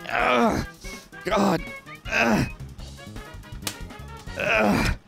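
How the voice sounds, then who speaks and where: High, gravelly yelping gamer guy. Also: very animated, normal speed, fairly bright tone. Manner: yelping, exasperated protests. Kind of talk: casual gaming banter. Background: background music.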